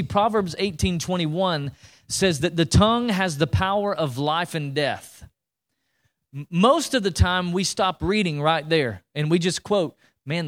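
Fervent pastor with a higher voice. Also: male voice. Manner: energetic, repetitive preaching with stumbles and restarts. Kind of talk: sermon.

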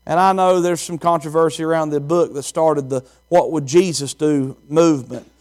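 A man's voice: on the high side, steady tone, normal speed, a little mellow. A man preaching a sermon as pastor, repeating phrases and asking the congregation questions.

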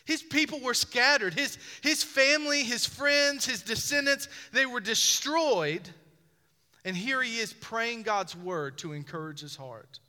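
A man delivers a sermon in a strikingly bright, high-pitched voice, pressing his points with repeated phrases and rising emphasis. His words ring out through a hall with a long reverberant tail. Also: unhurried. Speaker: pastor.

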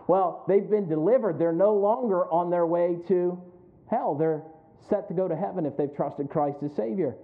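A male pastor delivering a sermon in a high voice. He moves from reflective storytelling to fervent appeals and repeats key lines for emphasis. The sound is thin and narrow, as if over a phone line.

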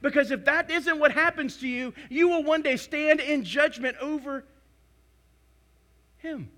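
Male pastor, high and sharp-toned, emphatic sermon delivery with big swings in volume. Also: unhurried. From United States. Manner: emphatic, swings between loud and hushed.

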